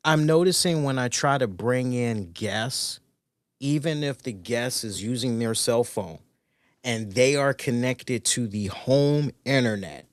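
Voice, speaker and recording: Male co-host, mid pitch, casual animated storyteller on a live stream, dry close sound. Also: unhurried, dry recording. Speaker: podcast co-host.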